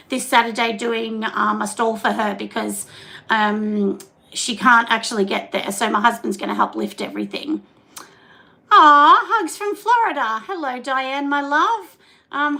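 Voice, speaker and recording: Chatty Australian woman with a gravelly edge. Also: a little high, low-quality recording. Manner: chatty, warm greetings to viewers, many fillers. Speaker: soap maker hosting a livestream. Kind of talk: casual livestream chat. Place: home studio.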